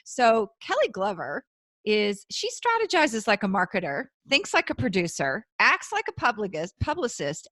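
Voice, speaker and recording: A bubbly woman hosts a podcast interview and keeps the talk playful. Her bright voice swings widely in pitch. She is recorded dry on a close mic. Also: no room sound. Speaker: podcast host.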